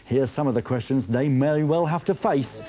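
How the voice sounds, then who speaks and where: A man with a mid-range voice speaks at a moderate pace while hosting a music TV show. His presenting is jokey and chatty, with a playful, self-mocking streak.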